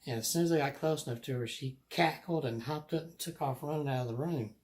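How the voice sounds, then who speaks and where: A man's voice: fairly high pitch, fast talker, a little mellow. A man, telling ghost stories from his childhood in a chatty, casual way, laughing often. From Alabama. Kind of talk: casual storytelling.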